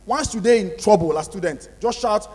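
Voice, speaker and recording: A young Nigerian man performing animated stand-up comedy in pidgin. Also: high-pitched, moderate pace. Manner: animated, acts out characters. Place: large hall, live audience. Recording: live hall reverb, faint noise.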